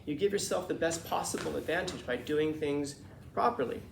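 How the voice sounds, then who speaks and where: A man's voice: fairly high pitch, moderate pace, gravelly, echoey room, noisy background. A male teacher lecturing his class in a conversational, emphatic way, acting out the voices of people he quotes. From Los Angeles.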